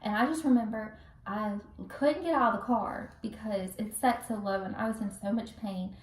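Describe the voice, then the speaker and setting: A young woman casually telling a personal story to the camera, chatty and animated, acting out what people said. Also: medium pitch, normal speed. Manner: chatty, animated, acts out quotes with laughs. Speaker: vlogger telling her birth story. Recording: roomy echo, recorded from a distance.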